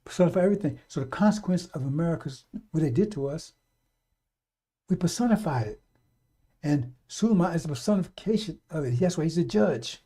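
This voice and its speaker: A man's voice: animated, a little fast, slightly rough. Urgent, profane man preaching on live radio. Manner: urgent and repetitive, swings from loud exhortation to low muttering; blunt and profane, calls out to brothers and sisters.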